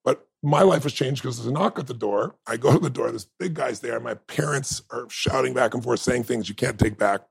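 A middle-aged man, a podcast guest, telling stories in an animated, emphatic way. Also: medium pitch, brisk, vocal fry, hardly any pauses, breathy edge, dry recording. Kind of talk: storytelling interview talk.

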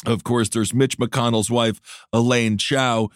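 A man's voice: medium pitch, fairly even intonation, takes it slowly, no room sound, studio quality. A man hosting a podcast, giving sarcastic, joking political commentary with plenty of filler words. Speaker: podcast host. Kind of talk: comedic political chat.

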